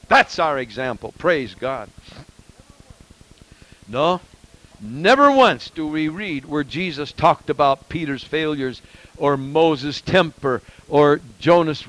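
High-voiced emphatic male preacher. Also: rough recording. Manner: emphatic preaching, swings from loud exclamations to quiet asides. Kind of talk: sermon.

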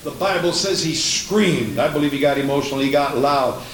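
An older male pastor delivers a fervent sermon, dropping to near-whispers and then rising again. His voice sits on the high side and rings through a reverberant sanctuary. A faint hiss lies underneath. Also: moderate pace. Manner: impassioned, swinging from booming to hushed. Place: church sanctuary. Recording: echoey church with faint hiss.

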